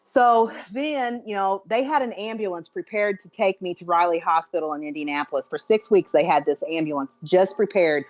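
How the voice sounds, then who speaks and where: A woman co-hosting a chatty podcast, telling an animated story between laughs. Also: lowish voice, moderate pace, hardly any pauses. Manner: animated, laughing anecdote teller. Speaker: podcast co-host. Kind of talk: casual chat, storytelling. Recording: dull lo-fi sound.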